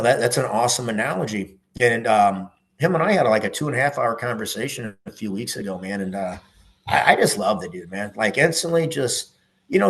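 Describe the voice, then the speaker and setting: A man's voice: mid-range voice, a bit bright, low-quality recording. A middle-aged man, a former police officer, talking in a casual podcast interview, earnest and emphatic, swearing freely.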